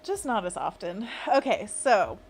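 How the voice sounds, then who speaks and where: A woman's voice: mid-range voice, sing-song, unhurried, slight background noise. Chatty woman hosting a livestream. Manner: chatty, giggly, leads viewers through a stretch. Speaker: livestream host. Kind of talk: casual livestream chat.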